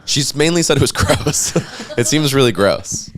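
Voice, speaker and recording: A man's voice: medium pitch, animated, moderate pace, a little hiss or hum. A man, a podcast guest, telling stories in a laid-back casual chat and laughing often. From United States.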